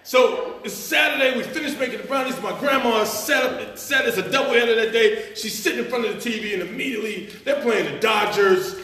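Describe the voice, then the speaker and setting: A man telling a comic story live on stage, animated and loose, swearing and laughing through his lines. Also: very high voice, brisk, few pauses. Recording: echoey venue, mic from far off.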